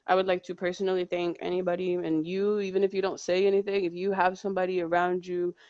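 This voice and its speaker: A woman's voice: lowish voice, level tone, quick pace, darkish tone, dry recording, highs cut off. A woman speaking as a guest in a casual podcast chat, making her points bluntly and with conviction.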